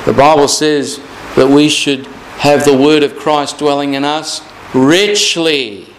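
Man preaching, slightly high voice, drawn-out emphatic scripture lines, faint hiss behind. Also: poor audio. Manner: slow, emphatic repetition of scripture phrases. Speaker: pastor. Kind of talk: sermon.

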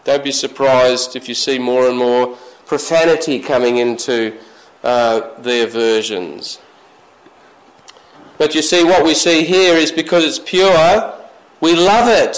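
A man preaching a sermon, reading scripture slowly and lifting his voice to stress key words. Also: rough recording. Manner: reads scripture slowly, raising pitch for emphasis.

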